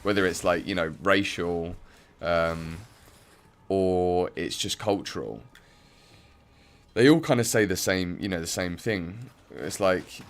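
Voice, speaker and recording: A young man from England's Midlands talks slowly in a low voice while playing a game on stream, rambling casually with many fillers.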